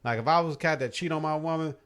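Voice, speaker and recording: A man's voice: fairly high pitch, rapid-fire, a bit bright, smooth. A man hosting a podcast, giving blunt, profane opinions in casual chat. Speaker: podcast host.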